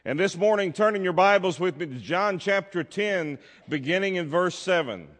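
A man's voice: high-pitched, animated, moderate pace, fairly bright tone. A man preaching a sermon as pastor, emphatic, drawing out his key words. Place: church sanctuary. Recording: long reverb of a church hall.

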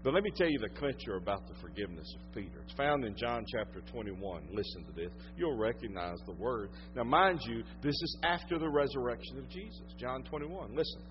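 A man with a Southern US accent, preaching a sermon as a pastor. He swings from loud emphasis to hushed tones and draws out his phrases. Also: medium pitch, lively intonation, a little fast, hardly any pauses, dull audio, faint music behind.

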